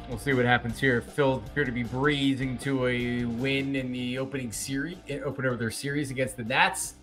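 A middle-aged man hosting a casual sports talk show, rambling, complaining and swearing casually. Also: medium pitch.

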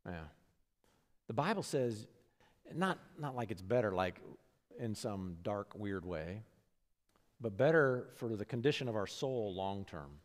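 A man preaching a sermon as pastor, talking conversationally and swinging between hushed, low moments and lively, animated bursts. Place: church sanctuary. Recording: long hall reverb.

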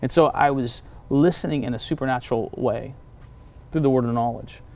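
A man, a pastor, telling personal testimony stories in a relaxed conversation, acting out the voices of the people he quotes. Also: mid-range voice, a little fast. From United States.

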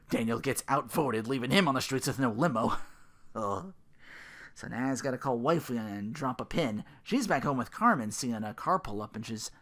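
Lively, profane man recapping a show. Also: medium pitch. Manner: rambling, profane, quick to laugh. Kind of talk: casual episode recap.

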